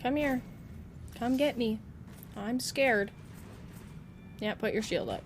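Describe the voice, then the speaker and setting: A woman's voice: fairly high pitch, slow pace, slight background noise. A young woman from Canada streaming a game live, chatting playfully with her viewers and laughing often.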